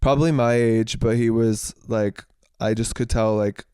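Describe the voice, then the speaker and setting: A young man co-hosting a podcast, telling a story in casual chat, animated, laughing and swearing freely. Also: mid-range voice, moderate pace, clear, resonant tone, no echo, clean studio sound. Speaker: podcast co-host.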